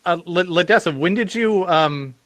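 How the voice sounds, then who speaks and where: A man hosting a live podcast, asking questions in a conversational, animated way with frequent restarts. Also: sits high, moderate pace, no echo. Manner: animated, stumbling over restarts. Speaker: podcast host. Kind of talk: conversational interviewing.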